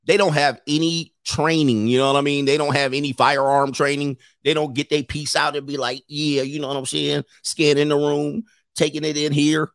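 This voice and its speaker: A man's voice: fairly high pitch, level tone, normal speed, vocal fry, a bit bright, no room sound, studio quality. A middle-aged man hosting a livestream, telling stories casually, laughing often and acting out other people's voices. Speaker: livestream host.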